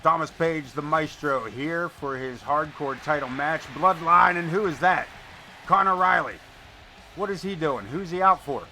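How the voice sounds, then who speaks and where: A man's voice: a little high, measured pace, sharp tone, a little hiss or hum. A man calling wrestling play-by-play live and breaking into blunt, profane, chatty stories. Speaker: wrestling commentator. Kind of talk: live play-by-play commentary mixed with casual chat.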